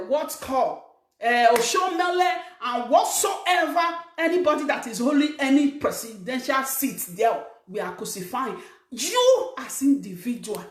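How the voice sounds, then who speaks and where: A middle-aged Nigerian woman hosting her own show, lecturing viewers in an emphatic, scolding way that rises to shouts. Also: high voice, echoey room. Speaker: talk show host. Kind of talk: preaching monologue to viewers. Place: living abroad, in a room.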